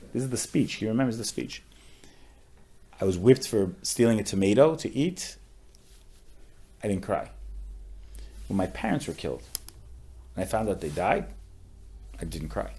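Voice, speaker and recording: A man, a rabbi on a podcast, tells a story with strong feeling, often saying "like" and dropping to a hushed voice at sad moments. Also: low-pitched, slightly rough. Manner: emotional storyteller with frequent "like" fillers.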